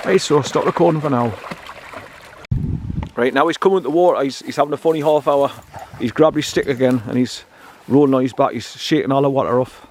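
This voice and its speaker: An older man chats into a handheld phone outdoors, rambling from one thought to the next. He is blunt and homely, often restarting or repeating words, at an ordinary middle pitch. A faint hiss sits under the outdoor sound. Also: brisk, a little mellow. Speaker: dog owner vlogger. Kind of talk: casual rambling walk-and-talk. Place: outdoors by a stream and bridge.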